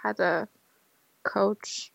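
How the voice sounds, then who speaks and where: A woman's voice: mid-range voice, steady tone, very slow, gravelly, no room sound, muffled recording. A woman co-hosting a podcast in casual chat, hesitant, often restarting and searching for words. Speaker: podcast co-host.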